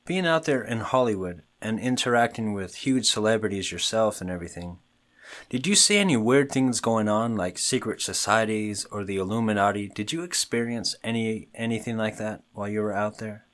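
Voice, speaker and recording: Lower-voiced man asking interview questions. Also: moderate pace, fairly bright tone. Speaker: host.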